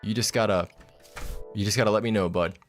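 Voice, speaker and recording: A man's voice: fairly low pitch, fairly even intonation, brisk, soft background music. A man with a slight Southern US accent streaming a game, rambling casually, laughing often and swearing freely. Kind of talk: casual live-stream commentary.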